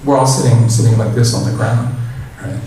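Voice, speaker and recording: A man giving a casual dharma talk as a temple minister, leading the congregation in loud chanting. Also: mid-range voice, fairly even intonation, fairly quick, a little hiss or hum. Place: large temple hall. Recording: echoey hall, mic at a distance.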